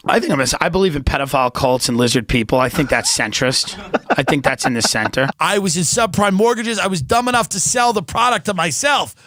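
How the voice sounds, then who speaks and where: A man's voice: on the high side, animated, fairly quick, a bit bright, dry recording. A man doing a profane, sarcastic comedic rant, mocking and swearing as he goes.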